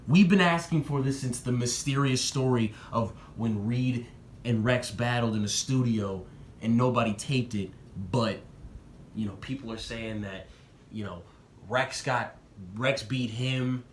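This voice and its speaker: A young man in a casual vlog giving excited predictions and talking straight to the people he discusses. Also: a little slow, roomy sound, slight background noise. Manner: excitable, talks straight to the rappers, jumps in pitch. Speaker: battle rap commentator.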